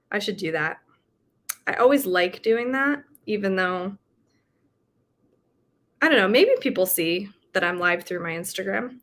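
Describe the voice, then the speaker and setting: In a fairly bright, mid-range voice, a woman runs a casual book-chat livestream, reading out viewer comments. She's chatty, laughs a lot, and leans on plenty of fillers.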